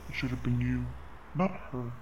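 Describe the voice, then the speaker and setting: A man's voice: normal speed, slight background noise, lightly acted. A man voicing a cold, disembodied voice that murmurs blame. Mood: accusing. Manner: low, blaming murmur. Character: accusing disembodied male voice, cold and cruel.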